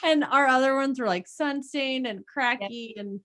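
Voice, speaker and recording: Teasing woman, slightly high voice. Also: normal speed, a bit bright. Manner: teasing, laughing storyteller. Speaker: podcast co-host. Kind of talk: casual chat.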